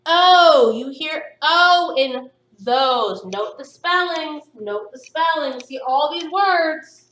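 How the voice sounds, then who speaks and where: Woman phonics teacher, high voice, slow and encouraging, recorded off-mic in a roomy space. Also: expressive, a bit bright, recorded from a distance. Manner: slow, stretched-out sounding of words for young pupils; encouraging, upbeat praise. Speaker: primary school teacher. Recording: echoey room, voice somewhat off-mic.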